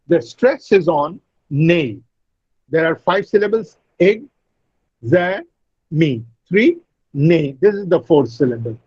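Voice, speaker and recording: A man teaching English word stress in an online lecture, speaking deliberately and repeating each word to model it. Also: sits high, slightly rough, no echo, lo-fi sound. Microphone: computer mic on a video call.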